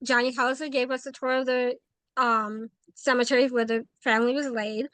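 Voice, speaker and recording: A woman paranormal investigator telling stories in a casual interview, animated and acting out quoted dialogue. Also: fairly high pitch, moderate pace, smooth, dry recording.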